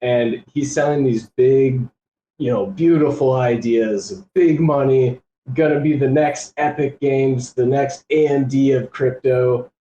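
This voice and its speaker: A man venting casually in a live online audio chat, speaking in quick exasperated bursts. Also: mid-range voice, steady tone, mellow, slight background noise. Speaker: community member on a live audio room. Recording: dull, roomy call audio.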